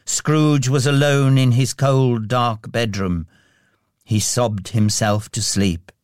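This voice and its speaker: A man narrating a storybook in a slow, expressive way. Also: medium pitch, no echo, studio quality.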